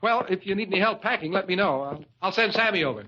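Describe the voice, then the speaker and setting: A man's voice: high-pitched, lively intonation, slight background noise. A flustered, stammering ladies' man. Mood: scheming. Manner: nervous stammering, quick wisecracks. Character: flustered, scheming young man who is a self-styled ladies' man. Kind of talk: 1940s radio acting. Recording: dull old radio broadcast.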